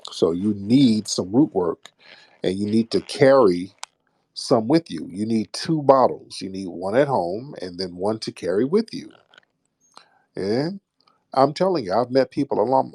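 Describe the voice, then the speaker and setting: A man with a low, gravelly voice hosts a live call-in room. His tone is husky and rough, and he trades crude, profane jokes with callers while mocking them. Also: darkish tone. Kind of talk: casual crude banter with callers.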